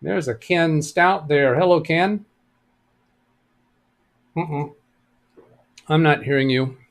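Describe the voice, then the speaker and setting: A middle-aged man hosting a live stream, reading out viewer chat and answering computer questions in a relaxed, thinking-aloud way. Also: fairly high pitch, slow.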